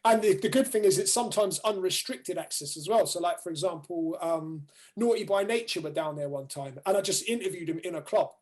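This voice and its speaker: A man with a southern English accent hosting a podcast, relaxed and slangy, asking long rambling questions. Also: sits high, brisk, few pauses. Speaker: podcast host. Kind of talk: casual podcast chat.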